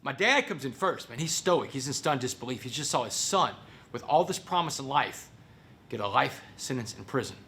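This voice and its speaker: Bright-voiced man telling a dramatic story. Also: medium pitch, animated, normal speed, slight background noise. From Port Arthur, Texas. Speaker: motivational speaker. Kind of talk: personal story told to an audience.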